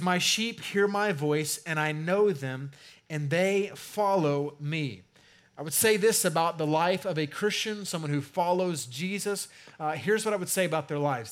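A man preaching a sermon as pastor, talking casually, then swelling into emphatic, drawn-out stresses. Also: fairly high pitch, a bit bright.

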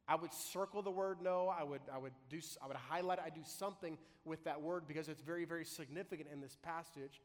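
A man preaching a sermon as pastor, talking in a conversational way and slowing down to read scripture aloud. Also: on the high side, long reverb tail. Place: large church hall.

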